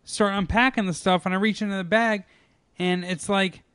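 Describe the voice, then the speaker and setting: High-pitched guy ranting and swearing, casual podcast chat, dead dry sound. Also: steady tone, moderate pace, fairly bright tone, clean tone, no echo. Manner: profane, exasperated ranting.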